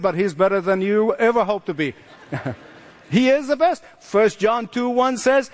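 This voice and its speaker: High-voiced preacher in an echoing hall. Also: male voice. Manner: emphatic, acts out voices in quotes. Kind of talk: sermon. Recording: long hall reverb.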